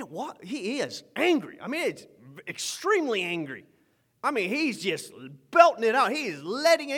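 High-pitched fervent male preacher. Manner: fervent, swings from loud emphasis to quiet asides, repeats phrases. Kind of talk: sermon.

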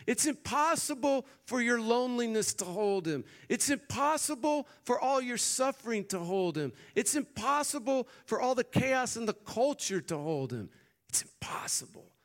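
A man's voice: sits high, gravelly, fairly bright tone, pitched above the performer's own voice, heavily acted. A man voicing a laughing male angel who taunts in repeated lines, at times dropping to a whisper.

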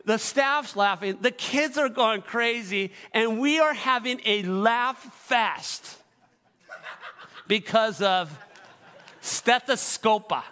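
A middle-aged man preaching a sermon in a church, telling stories animatedly and building to shouted exhortation. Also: high-pitched, takes it slowly, clean tone. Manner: animated storytelling with laughter, rising to shouted exhortation. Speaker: pastor. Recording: echoey church hall.

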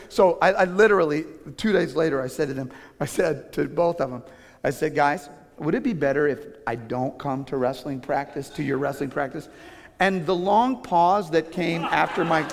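A man preaching a sermon, telling personal stories with animated, self-deprecating humor. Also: fairly high pitch. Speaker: pastor. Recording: long reverb of a large hall.

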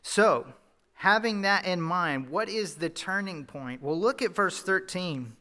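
A man's voice: high-pitched, lively intonation, unhurried, bright, forceful tone. A male pastor with a Southern US accent preaching a sermon in a conversational way, asking his listeners questions as he goes.

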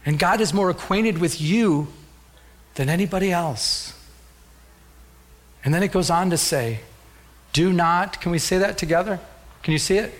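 A man's voice: sits high, lively intonation, normal speed, pauses often. A middle-aged man preaching a sermon as pastor, telling a personal story and rising to fervent calls to the congregation.

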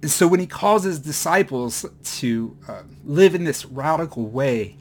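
A man's voice: on the high side, expressive, a little hiss or hum. Emotional man teaching from the Bible. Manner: halting, many fillers and restarts. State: choked up, emotional. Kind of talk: mid-week Bible teaching.

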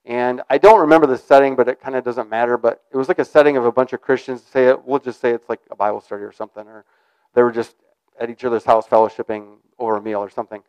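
Conversational male preacher, smooth dry voice. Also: medium pitch, steady tone, fast, a little mellow, no echo, muffled recording. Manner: conversational, rambling with restarts. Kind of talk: informal sermon.

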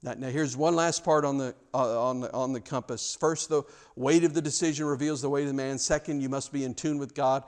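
A man's voice: medium pitch, fairly even intonation, brisk, few pauses. A man preaching a sermon in a church, speaking earnestly with frequent stammered restarts. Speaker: pastor.

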